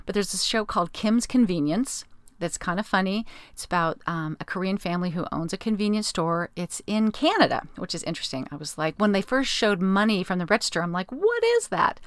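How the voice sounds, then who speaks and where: A woman's voice: mid-range voice, brisk, smooth, dry recording. A middle-aged woman hosting her own podcast, chatting casually and rambling with lots of fillers. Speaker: podcast host. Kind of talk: casual solo podcast chat.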